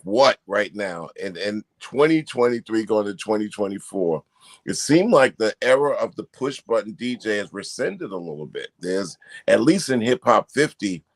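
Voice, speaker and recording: Low-voiced man in casual talk. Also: no room sound. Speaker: guest.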